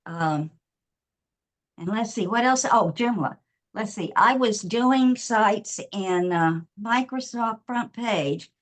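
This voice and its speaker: A woman's voice: medium pitch, animated, takes it slowly. Brief: woman web designer, winded, talkative, video-call audio. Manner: chatty and rambling, with many fillers. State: out of breath. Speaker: web design business owner. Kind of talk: casual self-introduction on a video call.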